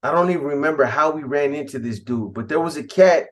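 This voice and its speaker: A man's voice: a little high, fast. A man casually telling a first-person story in laid-back street slang, with frequent restarts and asides. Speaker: podcast storyteller.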